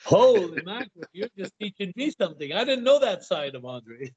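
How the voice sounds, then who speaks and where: An older man, a guest in an interview, telling animated anecdotes in casual talk, often stammering and repeating his words. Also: high voice, a little fast, slightly rough. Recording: dull lo-fi sound.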